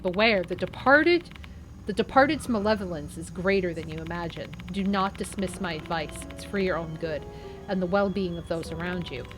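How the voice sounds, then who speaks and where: A woman's voice: fairly low pitch, moderate pace, over music, close to an everyday voice, poor audio. A woman reading an aloof spirit-seeing boy. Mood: grave warning. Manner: calm, grave and formal warnings. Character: aloof teenage boy who sees spirits. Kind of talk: reading game dialogue aloud.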